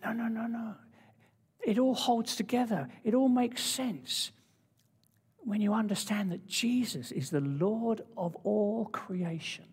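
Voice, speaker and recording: A man's voice: high voice, takes it slowly, breathy edge. Passionate male preacher in a reverberant hall. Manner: passionate, swings from loud to hushed. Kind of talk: sermon.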